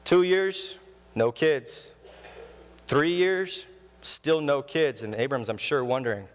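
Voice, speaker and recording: A man in his thirties preaching a sermon in a church, telling stories with animated delivery and acting out the voices he quotes. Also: mid-range voice, slow, long reverb tail. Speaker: pastor. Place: church sanctuary.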